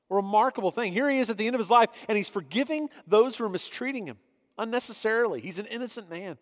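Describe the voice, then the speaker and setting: A man's voice: high voice, animated, fast, a bit bright, in a large hall. A man preaching a sermon as pastor, reading scripture passages aloud and then explaining them earnestly.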